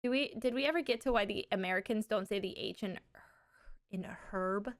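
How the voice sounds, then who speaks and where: Brief: young female streamer, slight lisp, loose giggly chat to viewers. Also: mid-range voice. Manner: chatty and giggly, drawn-out words. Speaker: livestreamer. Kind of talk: casual chat to a live audience.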